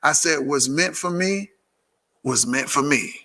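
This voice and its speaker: Man, casual live-stream host, bright, animated, repeats himself. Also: fairly high pitch, measured pace. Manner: animated, repetitive, slangy.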